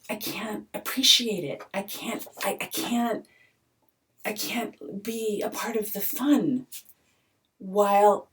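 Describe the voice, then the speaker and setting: Slow, swearing woman who whispers then flares up. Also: mid-range voice, far from the mic. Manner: swings between hushed whispering and loud outbursts; repeats herself. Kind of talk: rambling personal monologue to camera.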